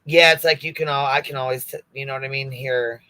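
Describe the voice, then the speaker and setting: A man gossips in a casual live chat, animated and full of swearing. His voice is very bright and sharp, and the sound is dry. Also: mid-range voice, fast, smooth, dry recording.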